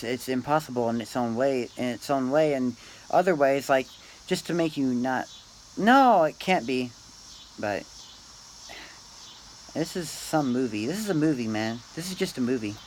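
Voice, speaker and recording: A man rambling through a meandering, philosophizing monologue to camera, pausing often and tagging lines with "man" and "dude". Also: medium pitch, darkish tone, a little hiss or hum, poor audio. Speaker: vlogger.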